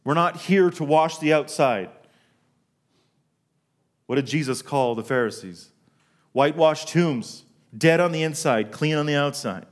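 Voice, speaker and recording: A middle-aged man preaching a sermon to a congregation, telling a story from his own working life and slowing down to stress key words. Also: fairly high pitch. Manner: storytelling, asks the congregation questions, slows for emphasis. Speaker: pastor.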